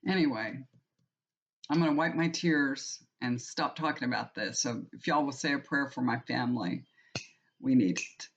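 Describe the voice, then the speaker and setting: Heard through a muffled, lo-fi recording, a woman with a very deep voice talks to her viewers at normal speed. She's a tarot reader who hosts the channel, and her personal chat is rambling, sincere and full of restarts.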